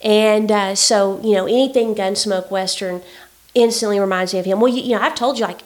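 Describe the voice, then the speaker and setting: A woman telling a story in casual chat, animated and indignant, with many fillers. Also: mid-range voice, fairly quick.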